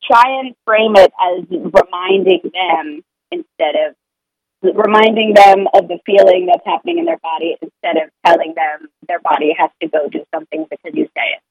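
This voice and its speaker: A woman's voice: on the low side, normal speed, a little mellow, poor audio. A woman talking casually and earnestly about her experience as a parent, rambling a little and slipping into sing-song voices when she repeats what she says to her child. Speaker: parent sharing potty-training experience. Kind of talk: casual podcast conversation.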